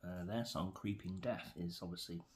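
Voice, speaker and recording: A man's voice: deep voice, moderate pace, darkish tone. A middle-aged man with an English accent, rambling through an opinionated vlog rant with many fillers and restarts. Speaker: vlogger.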